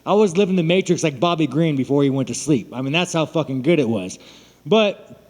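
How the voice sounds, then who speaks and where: A man's voice: a little high, expressive, brisk, darkish tone. A man, a fighter at a media day, talking bluntly and mockingly to reporters and swearing constantly. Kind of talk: profane, boastful press scrum talk. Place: large room at a media event. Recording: long hall reverb.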